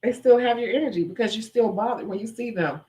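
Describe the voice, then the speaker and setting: On a low-quality recording, a young woman runs a livestream where she takes viewers' questions, chatting openly and doing impressions of others when recounting events. She speaks quickly, in a warm and slightly high voice.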